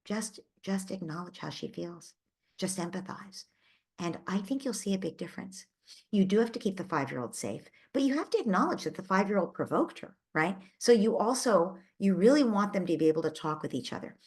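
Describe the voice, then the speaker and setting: A woman's voice: mid-range voice, expressive, a little fast, a little mellow. A woman hosting a parenting Q&A who answers a parent's question with empathetic, reassuring coaching and thinks aloud with small restarts. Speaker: parenting advice host.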